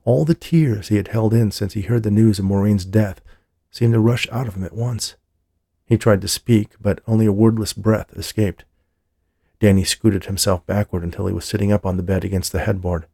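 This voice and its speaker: A man narrating an audiobook in a measured storytelling manner, close to the mic. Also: fairly low pitch, fairly even intonation, creaky, warm tone, no room sound. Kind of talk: scripted narration.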